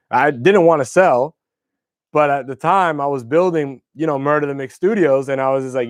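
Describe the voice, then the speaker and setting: A man's voice: on the high side, fairly quick, clean tone, no echo. A young man hosting a livestream, telling rambling, profane stories about guitars in casual chat. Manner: loose, profane, rambling storytelling. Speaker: livestream host.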